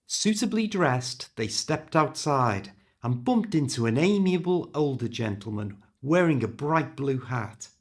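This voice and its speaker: A man with a British accent reading a story aloud for English learners, clear and expressive. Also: mid-range voice, unhurried, hardly any pauses. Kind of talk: scripted story narration.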